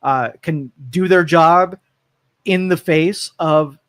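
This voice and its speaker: A male talk radio host with a fairly high voice, rambling through opinions in loose, casual talk. He drifts from point to point, restarting sentences and tossing in asides. His delivery is chatty and animated. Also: takes it slowly, smooth.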